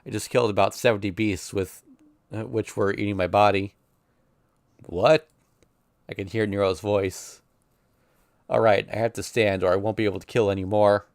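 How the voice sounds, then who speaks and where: A man's voice: on the low side, flat delivery, fairly quick, dry recording, studio quality. A man streaming, reading a visual novel aloud in an intense, emotional first-person narration.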